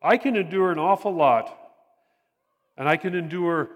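An older man preaching a sermon in an earnest, halting way, often repeating phrases for emphasis. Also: a little high. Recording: long reverb of a large hall.

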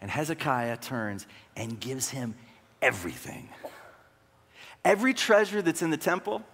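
A man's voice: medium pitch, big pitch swings, a little slow, vocal fry, a bit bright, big-room sound, slight background noise. A male pastor preaching a sermon, retelling scripture conversationally with rhetorical questions and bursts of drama.

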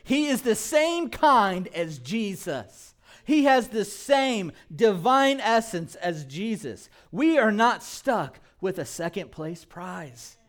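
A man preaches to his congregation in a high, expressive voice that climbs and falls. He takes his time, lets each phrase land, and slips in small jokes and laughs. He asks the room to repeat key words back to him. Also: slow. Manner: animated preaching with call-and-response prompts; light humor, laughs at his own jokes. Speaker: pastor. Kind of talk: sermon.

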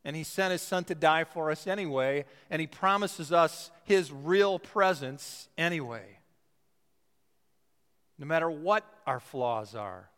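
High smooth-voiced guy preaching, leans hard on key words, big churchy reverb. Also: expressive, a bit bright. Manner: emphatic, drawn-out phrasing on key words. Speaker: pastor. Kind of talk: sermon. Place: church sanctuary.

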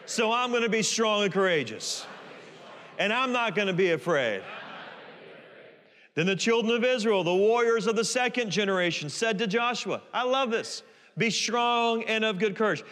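Emphatic guy preaching, sharp bright voice, call and response, echoey church hall. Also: very high voice. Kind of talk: sermon.

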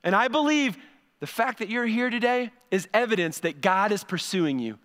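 A man's voice: high voice, expressive, moderate pace, fairly bright tone. A middle-aged man preaching a sermon as pastor in a church, talking in a conversational way and often repeating words as he builds a point. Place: church sanctuary. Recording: long reverb of a church hall.

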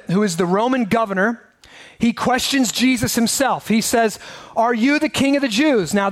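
Pastor guy, really high voice, chatty sermon full of questions. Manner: conversational preaching with rhetorical questions.

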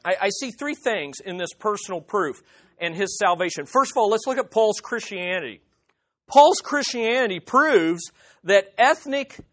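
A male pastor with a high-pitched voice preaches in a lively, emphatic way. He moves between reading scripture and chatting directly with people in the pews, calling on them by name. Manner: emphatic, conversational, talks to the congregation by name. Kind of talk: sermon teaching from scripture.

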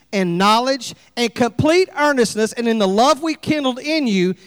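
A pastor preaching a sermon, folksy and animated, acting out little scenes. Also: male voice, very high-pitched, smooth, long reverb tail. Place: church sanctuary.

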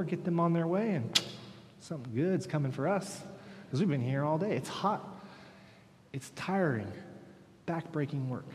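A man preaching a sermon, retelling a parable in his own words and acting out the workers' voices with lively emphasis. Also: medium pitch. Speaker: pastor. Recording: long hall reverb.

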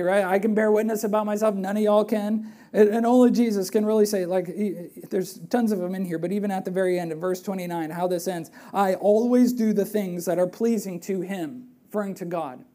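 Animated woman preaching a sermon. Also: medium pitch. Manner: animated and conversational, with rhetorical questions; drops to a hushed, earnest voice for emphasis.

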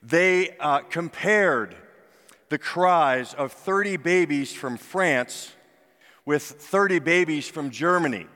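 Slow reflective preacher in a reverberant hall. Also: male voice, fairly high pitch, expressive. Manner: slow, reflective, drops soft at phrase ends. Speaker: pastor. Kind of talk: sermon.

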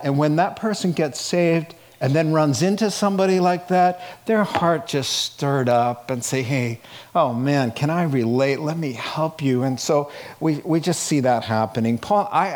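A man's voice: on the high side, lively intonation, a little slow. A middle-aged man pastor preaching a sermon in an emphatic, conversational way, with rhetorical questions to the congregation.

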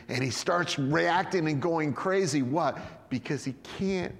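A man's voice: fairly high pitch, a little slow, vocal fry. Man preaching in an echoing hall. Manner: conversational preaching that acts out the Bible scenes in quoted voices. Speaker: pastor. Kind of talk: sermon.

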